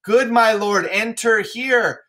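A woman reading the part of a loyal male servant gently pleading with his king. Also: a little high, takes it slowly, voice pushed up.

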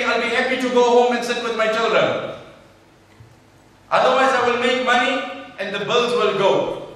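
A man's voice: very high-pitched, sharp tone. A man giving a storytelling sermon as an Islamic lecturer, acting out the characters in his story and quoting Arabic. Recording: echoey hall, far from mic.

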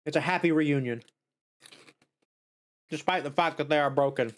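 A man streaming a casual snack tasting, excitable, jumping to high squeals of joy and dismay, then murmuring while he savors. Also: normal speed.

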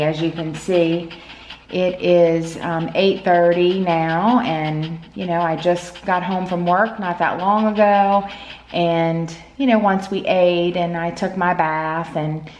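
A woman's voice: on the low side, a little mellow. A woman chatting casually at home as a pet vlogger, filling her talk with "you know.". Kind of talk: casual chat. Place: home at night. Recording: echoey room.

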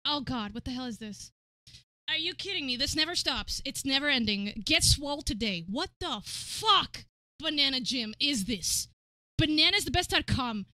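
A woman streamer chatting in a casual, animated way, exasperated and quick to swear. Her voice is high and piercingly bright. The sound is close and dry. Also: dry recording. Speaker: livestream host. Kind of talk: casual live-stream chat.

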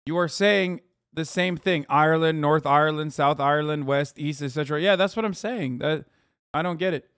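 Male stream host, higher-leaning voice, profane and rambling, dry close sound. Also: moderate pace, fairly bright tone, smooth, dry recording. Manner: profane, sarcastic, rambling with restarts. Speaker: livestream host. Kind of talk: casual stream reaction commentary.

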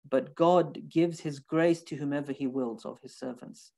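A man's voice: on the high side, normal speed, creaky, hardly any pauses, darkish tone. A man giving a lecture on the Quran, explaining Arabic words one by one and repeating points earnestly for emphasis. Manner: explains Arabic terms step by step, quotes and translates verses.

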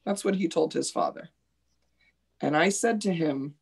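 A woman's voice: low-pitched, unhurried, gravelly, husky. A woman teacher in a live online discussion, earnestly recounting classroom stories.

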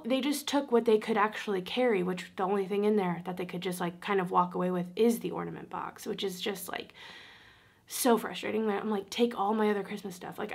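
At home indoors, a young female beauty vlogger vents in casual chat, near tears and leaning heavily on "like." Her mid-range voice has a creaky quality.

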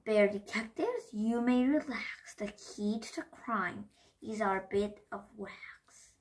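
Slow, gentle woman reading to kids. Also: medium pitch. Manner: gentle, encouraging, simple words. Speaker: children's story reader. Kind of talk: reading a picture book aloud to kids.

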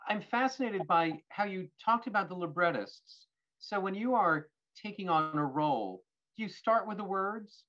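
A man hosting an interview, asking measured questions and affirming his guest. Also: high-pitched, lively intonation, bright, forceful tone. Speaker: interview host, arts organization president. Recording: dull lo-fi sound.

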